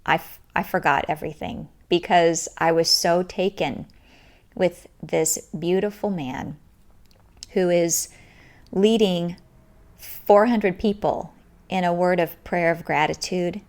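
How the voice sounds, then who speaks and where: A woman's voice: lowish voice, slow. A woman podcast host telling a story in an earnest, emphatic way. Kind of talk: storytelling monologue.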